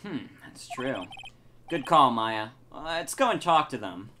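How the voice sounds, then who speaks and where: A weary, deadpan young lawyer from a video game , read by a woman in her very low natural voice. He sounds unimpressed and dry, muttering his lines. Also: slow pace, background noise, exaggerated voice. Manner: deadpan, flat.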